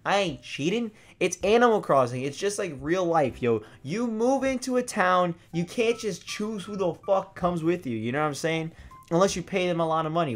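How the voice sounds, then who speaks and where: A young man hosting a gaming vlog, telling a story in a loose, swearing way and acting out his old reactions with sudden loud, high bursts. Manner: animated, swears freely, acts out his past reactions in loud high outbursts. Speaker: gaming video host.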